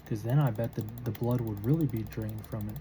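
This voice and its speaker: Sleepy woman rambling in a dark voice. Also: extremely low pitch, a little fast, slight background noise. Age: 20s. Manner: rambling, musing half-thoughts with restarts. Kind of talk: casual late-night monologue.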